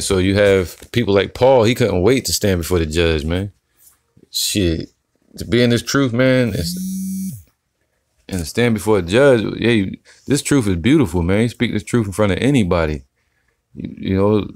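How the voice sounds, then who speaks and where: A man giving casual, slangy religious commentary, reading scripture slowly and tagging his sentences with "man". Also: lowish voice, darkish tone, no room sound, studio quality. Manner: slangy, profane, preachy, says "man" often; slow deliberate scripture reading.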